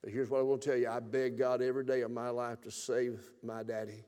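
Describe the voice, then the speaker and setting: Older preacher in a reverberant church. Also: male voice, mid-range voice, level tone, a little fast. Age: 70s. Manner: swings from loud exclaiming to hushed, tearful telling. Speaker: pastor. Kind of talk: revival sermon storytelling. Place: church sanctuary.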